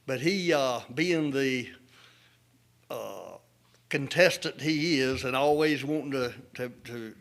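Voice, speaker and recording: A man giving a funeral eulogy, telling stories in a folksy, halting way with many fillers. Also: mid-range voice.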